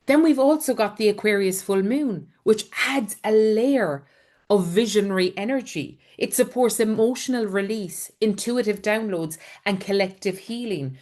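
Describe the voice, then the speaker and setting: A woman's voice: mid-range voice, moderate pace, a little mellow. Woman, middle-aged, spiritual coach on a group call, earnest and encouraging, shares her own stories. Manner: earnest, encouraging, personal storytelling. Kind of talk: spiritual teaching talk on a live group call.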